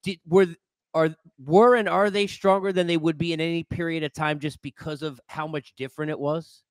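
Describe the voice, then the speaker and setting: A man's voice: on the high side, steady tone, normal speed, clean tone, no echo, studio quality. A man hosting a casual baseball interview, asking long, rambling questions with many restarts. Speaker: baseball broadcaster, host.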